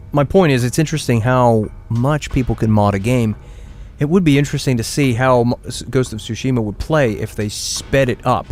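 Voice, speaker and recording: A man's voice: mid-range voice, a little mellow. A man chatting casually while streaming a game, rambling and restarting his sentences. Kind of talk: casual gameplay commentary.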